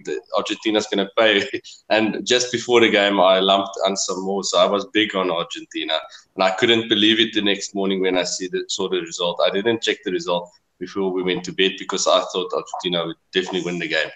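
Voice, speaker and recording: A man's voice: sits low, steady tone, a little fast, fairly bright tone, echoey room, poor audio. A man speaking as a betting panelist over a remote line, hesitant and laughing now and then. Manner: hesitant, laughs while talking. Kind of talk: casual betting chat.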